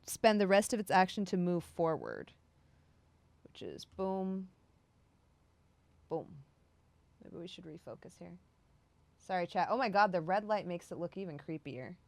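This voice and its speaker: A young woman running a tabletop role-playing game as game master, relaxed and chatty, laughing often. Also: fairly low pitch, dry recording.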